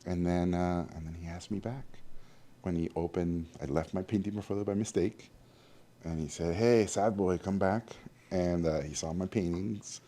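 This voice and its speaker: A man being interviewed, telling lively stories about his early art training and acting out the people in them. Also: low voice, moderate pace. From Mexico. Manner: animated storyteller, acts out quoted voices. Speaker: guest animator. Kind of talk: storytelling interview.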